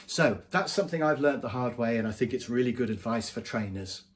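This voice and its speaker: A man's voice: medium pitch, lively intonation, a little fast. A man, a business trainer, giving advice straight to camera in a conversational way. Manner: conversational, acts out quoted voices. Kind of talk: direct-to-camera advice vlog.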